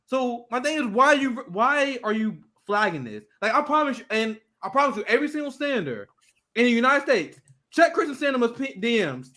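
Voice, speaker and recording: Young male podcast host, high bright voice, swearing and mocking in loose banter. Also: big pitch swings, a little fast. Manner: profane, ranting, mocking impressions. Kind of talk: casual chat.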